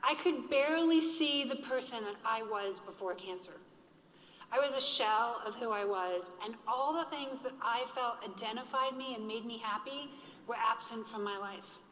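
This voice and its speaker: A woman in her forties giving an earnest, motivational conference speech on a stage microphone, slowing down to stress key lines. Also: a little high, fairly bright tone, slight background noise. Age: 40s. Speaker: keynote speaker. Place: large hall with an audience. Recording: echoey hall reverb.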